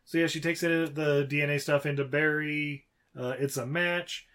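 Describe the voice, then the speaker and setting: Male podcast host, slightly higher voice, loose rambling recap, full of fillers. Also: fairly even intonation, normal speed, a bit bright, smooth. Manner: rambling, many fillers, acts out characters. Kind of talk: casual chat, retelling a film plot.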